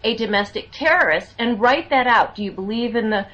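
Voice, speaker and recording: A woman's voice: on the high side, expressive, fairly quick, bright, forceful tone. A woman in a radio talk discussion, conversational and thinking aloud as she speaks. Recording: dull lo-fi broadcast audio.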